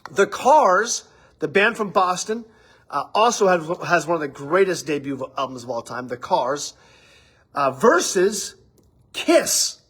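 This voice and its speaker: A man's voice: fairly high pitch, expressive, a little slow, fairly bright tone, husky. A man hosting a daily livestream, chatting loosely and rambling, with casual swearing. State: out of breath after running. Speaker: livestream host. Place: studio office with window.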